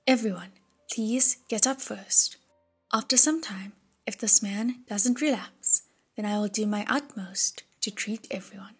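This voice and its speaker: Woman voicing a gentle young prince, breathy and soft. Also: mid-range voice, a little slow, faint music behind. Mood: calm. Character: gentle young male prince, steady under strain.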